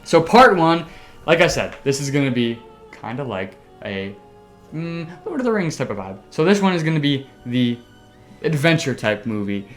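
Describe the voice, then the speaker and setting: A man hosting a casual podcast, telling a story excitably with sound effects and the odd swear word. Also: medium pitch, normal speed, soft background music. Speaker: podcast host.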